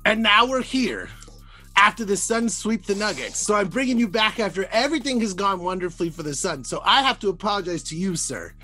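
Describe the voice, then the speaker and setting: A man hosting a podcast in casual, profane trash-talk chat, animated and self-mocking, laughing often. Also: sits high, a little fast, soft background music. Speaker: podcast host.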